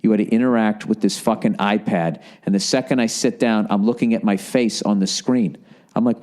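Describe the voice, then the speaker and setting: A man's voice: lowish voice, a little fast, a little mellow. Ranting, profane middle-aged man. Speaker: podcast host. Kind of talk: casual comedic monologue.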